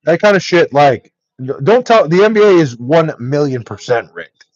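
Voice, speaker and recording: A man's voice: a little high, very animated, moderate pace, dry recording, lo-fi sound. A young man angrily ranting on a live stream, swearing nonstop and exasperated. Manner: angry, profane ranting.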